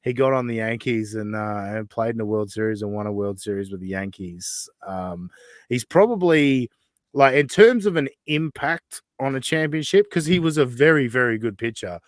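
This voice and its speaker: A man's voice: mid-range voice, expressive, normal speed, dry recording. A man, co-hosting a podcast in casual chat, rambling and laughing often. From Australia. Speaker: podcast co-host. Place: live podcast studio.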